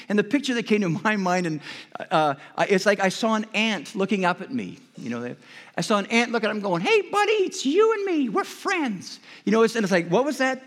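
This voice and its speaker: A man preaching a sermon to a congregation, talking in an earnest, conversational way with frequent restarts. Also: high-pitched. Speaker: pastor. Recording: long hall reverb.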